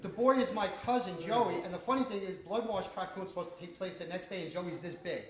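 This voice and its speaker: A high-voiced man rattles off salty, laugh-filled stories about his low-budget shoots. He is caught from across an echoey screening room, the audience murmuring around him. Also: quick pace, recorded from a distance, crowd noise. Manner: profane, laughing, animated storyteller. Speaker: independent filmmaker answering audience questions. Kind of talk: casual storytelling Q&A.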